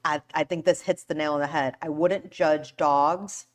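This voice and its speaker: Casting: middle-aged woman talk-show co-host, lowish voice, animated. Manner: animated, quick interjections. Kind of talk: casual talk show chat.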